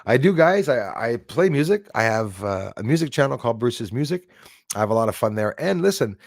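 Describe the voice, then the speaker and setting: A man's voice: mid-range voice, vocal fry, no room sound. Brief: male livestream host, rambling and chatty, dry close mic. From Canada. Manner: rambling, chatty, thanks viewers by name. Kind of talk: casual livestream chat.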